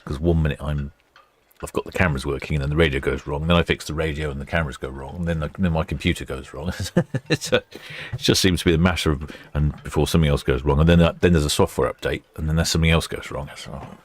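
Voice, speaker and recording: Speaking quickly in a very deep voice, this English livestream host narrates ship departures from a quayside port camera station. He keeps things casual, reading out comments from viewers as vessels pull away.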